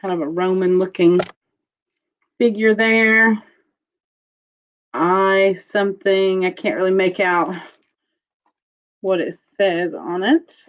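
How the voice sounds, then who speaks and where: A woman's voice: mid-range voice, steady tone. A woman sells vintage jewelry on a live stream, taking her time as she describes each piece and calls the bids. Her voice sits in a middle range, and the audio is a bit dull and lo-fi. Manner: slow, chatty, describing pieces while reading viewer bids. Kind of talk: casual live auction chat.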